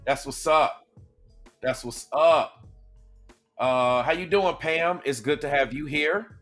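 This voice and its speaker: A man with a Southern American accent hosts a livestream and greets his chat by name. He talks in an animated, repetitive way, and his voice sits a bit high for a man. Faint music plays underneath him. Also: slow. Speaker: host. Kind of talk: livestream commentary.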